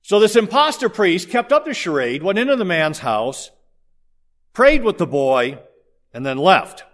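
A man preaching a sermon, telling stories in an animated way and joking with the congregation. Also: high voice, a little slow. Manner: animated storytelling with jokes to the congregation. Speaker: pastor.

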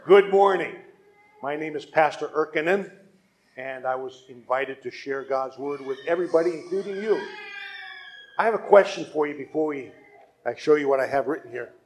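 A man who is a pastor, reading scripture aloud in a church in a measured, solemn way and then speaking gently and playfully to children. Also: on the high side, husky.

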